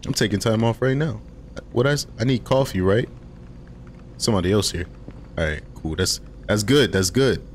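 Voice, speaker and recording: A young man hosting a casual horror game let's play, talking in loose slang and getting jumpy and excitable when startled. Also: on the low side, moderate pace, long pauses, slight background noise. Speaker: gaming channel host.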